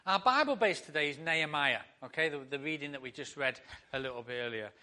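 Bright-voiced male pastor preaching. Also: fairly high pitch, fast talker. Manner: conversational, enthusiastic preaching with rhetorical questions. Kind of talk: sermon.

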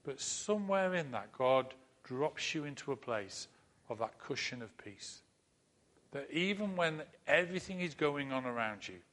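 A man preaching a sermon in an earnest manner, repeating phrases and dropping to a soft, comforting tone. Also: medium pitch. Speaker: pastor.

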